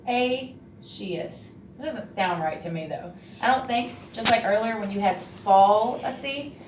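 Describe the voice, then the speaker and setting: A woman teacher running a reading lesson, encouraging and sounding words out slowly. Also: mid-range voice, a bit bright, slight background noise. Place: classroom. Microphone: far camera. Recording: echoey room from far off.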